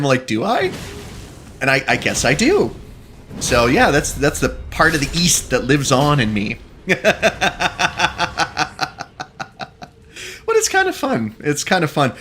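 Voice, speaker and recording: A young man with a faint Eastern Canadian lilt chats while he streams a game. His pitch swings a lot, and he keeps drifting into long asides. He laughs often as he talks. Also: a bit bright, slightly rough. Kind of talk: casual chat while gaming.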